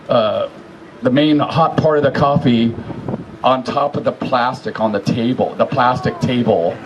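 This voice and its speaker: A man telling profane, animated stories as a eulogy, acting out what people said. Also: medium pitch, noisy background. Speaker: speaker at a memorial gathering. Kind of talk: informal eulogy storytelling.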